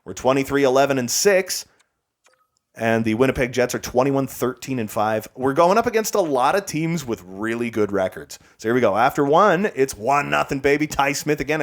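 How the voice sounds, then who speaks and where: A young man commentating his own hockey video game, excitable and goofy, jumping between loud outbursts and muttered asides. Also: mid-range voice. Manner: excitable, swings from shouts to mutters; goofy slang and play-by-play chatter. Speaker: gaming YouTuber.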